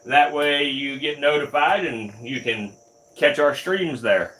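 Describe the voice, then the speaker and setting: A man's voice: fairly high pitch, slow, sharp tone. A young man hosting a reptile livestream, chatting casually, swearing and cooing at his snakes. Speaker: reptile keeper and livestream host.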